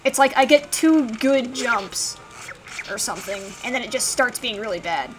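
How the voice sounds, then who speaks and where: A woman's voice: fairly high pitch, expressive, normal speed, loud music behind the voice. A young woman hosting a casual let's play, chatting in a laid-back, mildly self-deprecating way. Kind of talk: casual game commentary.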